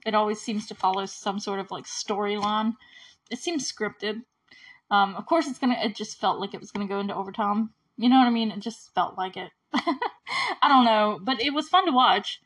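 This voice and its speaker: A woman's voice: mid-range voice, fairly bright tone, low-quality recording. Woman podcast host, casual recap chat, giggly and chatty. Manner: giggly, chatty, retells scenes with quick quotes.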